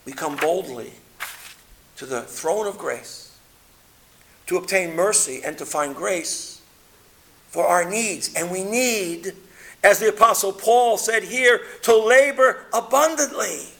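Man, preacher, sermon, high-pitched, emphatic surges, quiet low drops. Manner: rises to loud emphatic peaks, drops to quiet; reads scripture aloud in King James wording.

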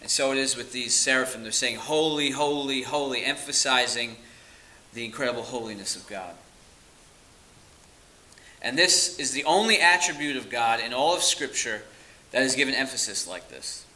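Male pastor, very bright tone, earnest emphatic delivery. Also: mid-range voice, expressive, normal speed, rough recording. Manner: earnest preaching with emphatic repetition. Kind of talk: sermon.

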